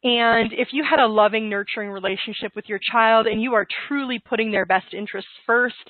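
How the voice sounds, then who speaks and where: A woman giving calm, steady divorce-coaching advice in an interview, with frequent fillers. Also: a little high, fairly quick, no room sound, narrow, tinny audio.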